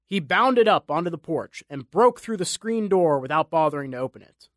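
A male audiobook narrator tells an action story in a measured, dramatic way. His voice sits a little high for a man, and the recording is dry and close with no room sound. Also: animated, dry recording. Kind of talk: scripted narration.

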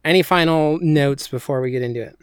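A man's voice: fairly high pitch, fairly quick, smooth, dry recording. A man hosting a casual podcast chat, hesitant and full of ums as he organizes the group. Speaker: podcast host.

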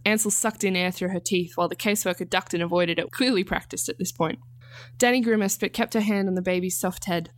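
A woman, the author, reading her own story aloud in calm, measured narration. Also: lowish voice. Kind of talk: scripted narration.

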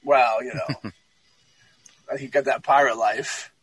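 Host: a husky guy who rambles through casual film chat, dry close sound. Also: medium pitch, fairly even intonation, measured pace, no room sound, low-quality recording. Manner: loose, rambling, restarts often. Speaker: podcast host.

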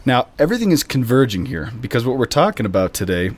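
A man's voice: medium pitch, big pitch swings. A man, a priest hosting a podcast, talking in a chatty, rambling way outdoors in the wind. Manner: chatty, quick, self-interrupting. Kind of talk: casual podcast chat.

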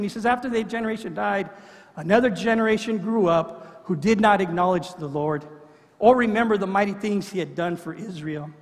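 A middle-aged man preaching a sermon in an earnest way, often repeating words as he builds his point. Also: high-pitched. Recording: long hall reverb.

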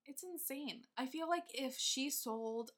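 A woman's voice: high-pitched, measured pace, fairly bright tone. A woman co-hosting a casual chat, ranting indignantly and swearing freely. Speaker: podcast co-host.

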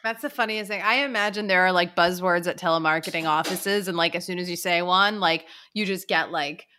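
A woman co-hosts a casual podcast conversation. Her voice is bright and forward, and she reacts readily with laughter and teasing remarks. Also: lowish voice, fairly quick, slight background noise. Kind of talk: casual chat.

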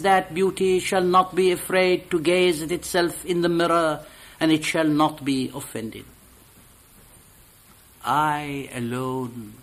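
A man's voice: high voice, fairly bright tone, pitched above the performer's own voice, exaggerated voice. A man reading as a serene spiritual master. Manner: tender, measured. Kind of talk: dramatic poetry reading.

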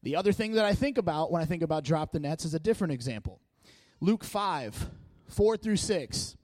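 A man giving a casual sermon in a church, talking in a chatty, joking, animated way. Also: a little high, brisk, no room sound. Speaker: church speaker. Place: church meeting room.

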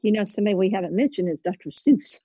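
A woman's voice: medium pitch, lively intonation, quick pace, dark tone, breathy edge, no echo. A woman chatting casually in a group, searching aloud for names.

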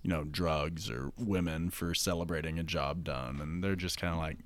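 Low-voiced man rambling through a story. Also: fairly even intonation, normal speed, no echo. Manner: rambling, full of "like" and "you know". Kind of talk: casual chat, pitching a movie plot.

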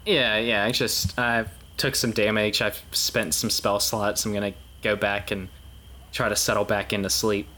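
Bright-voiced man, an eager player. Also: lowish voice, little pitch movement, unhurried. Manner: eager, a little nervous. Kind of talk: casual chat.

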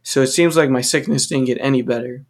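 A man's voice: mid-range voice, fairly even intonation, fast talker. A young man hosting a solo podcast, talking casually in a rambling, profane rant full of restarts. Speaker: podcast host.

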